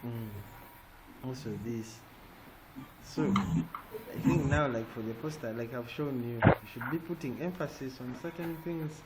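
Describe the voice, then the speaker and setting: A man's voice: medium pitch, unhurried, over a noisy crowd. A man teaching an online design class. He stops often to check in with "eh?" and "yeah?". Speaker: design trainer. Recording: noisy online call audio.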